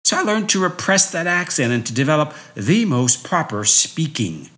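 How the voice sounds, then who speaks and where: A man's voice: on the high side, very animated, moderate pace, a bit bright. A man from New York giving a personal motivational talk, chuckling often and repeating phrases for emphasis. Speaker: speaker.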